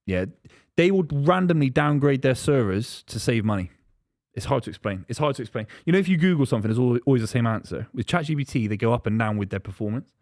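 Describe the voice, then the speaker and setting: A man co-hosting a casual stream with a lively, swinging pitch and a jokey manner. He is recorded close and dry. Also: fast talker, no room sound. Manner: animated, jokey. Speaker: podcast co-host. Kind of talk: casual chat on a live stream.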